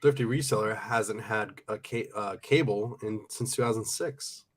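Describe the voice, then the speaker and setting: A man's voice: fairly low pitch, normal speed, slight background noise. A man co-hosting a reselling livestream, energetically greeting viewers in casual chat.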